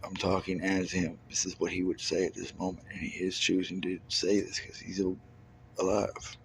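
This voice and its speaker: A man's voice: sits low, level tone, moderate pace, noisy background. A man in his thirties from Kentucky, talking in a rambling stream-of-consciousness monologue, swearing often and sliding into loose rhymes and wordplay. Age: 30s. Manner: profane, loose rhyming wordplay, jumping between ideas. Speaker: self-recorded monologue speaker.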